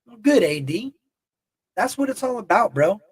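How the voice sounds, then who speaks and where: A man with a high-pitched voice talks straight to his livestream chat, blunt and heated, swearing freely. He rambles and circles back on himself. The sound is dry, with no room echo. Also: sing-song, moderate pace, slightly rough. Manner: emotional and heated. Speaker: YouTube livestream host. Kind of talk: casual livestream talk to chat.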